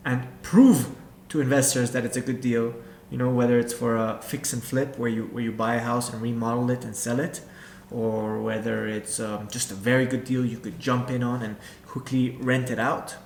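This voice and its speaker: A real estate investor with a gravelly mid-range voice coaches beginners in an instructional talk to camera, speaking directly to "you" and repeating his points. The room is echoey with faint ambience and a little hiss or hum.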